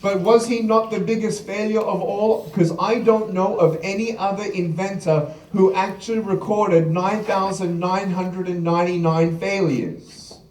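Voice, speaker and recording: In a large, echoey event hall, a motivational speaker gives a live keynote, his voice captured from far off with a little hiss or hum. It's high-pitched, darkish and fairly even, unhurried with few pauses. He tells humorous anecdotes, acting out the quotes with laughter.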